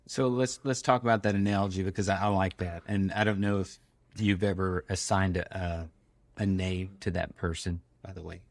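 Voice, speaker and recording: Low-voiced man hosting, conversational. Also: fairly even intonation, moderate pace, no room sound. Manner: conversational, hesitant with fillers. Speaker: podcast host. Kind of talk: interview questions.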